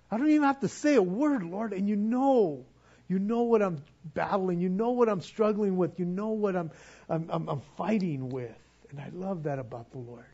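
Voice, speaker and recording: A man's voice: sits high, dark tone, husky, muffled recording. A man preaching a sermon as pastor, earnest and pleading, often stumbling over repeated words.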